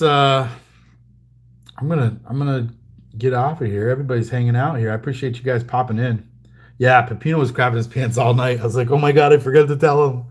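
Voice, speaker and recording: Man rambling through a casual livestream story. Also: medium pitch. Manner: rambling storyteller, full of fillers and chuckles. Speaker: trading card livestream host.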